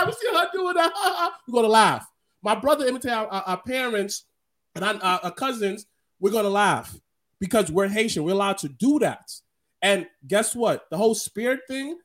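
A man with a notably high voice hosts a casual podcast chat. He talks in an animated way and laughs often. His delivery is loose and conversational. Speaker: podcast host.

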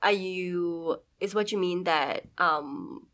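Woman with kinda low voice in a casual group chat, agrees a lot, asks follow-ups. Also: takes it slowly, fairly bright tone. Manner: agreeable, asks clarifying questions.

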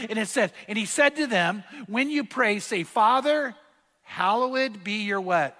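A man's voice: high voice, unhurried. A middle-aged man preaching a sermon as pastor, telling stories in a casual, conversational way. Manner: storytelling with acted dialogue, conversational and lively. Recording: reverberant church hall.

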